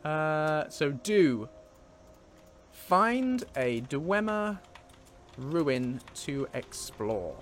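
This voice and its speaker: A man's voice: fairly high pitch, big pitch swings, drawn-out words, pauses often, soft background music. A man casually narrating and thinking aloud while playing a game, with fillers and self-corrections.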